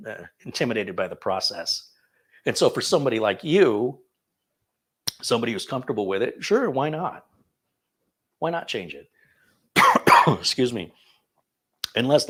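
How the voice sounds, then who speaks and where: A man's voice: fairly low pitch, fairly bright tone. A man hosting a casual live question-and-answer session on computers, chatty and digressive, amusing himself as he goes. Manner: chatty and digressive, self-amused. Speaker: tech channel host answering viewer questions.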